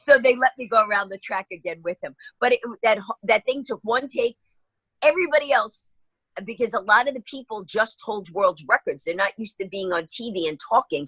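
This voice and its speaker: A woman guest on a talk program, telling stories in an animated way and acting out the voices of the people in them. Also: medium pitch, slightly rough, no room sound, poor audio. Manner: lively, acts out voices in her anecdotes. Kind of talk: animated storytelling in an interview.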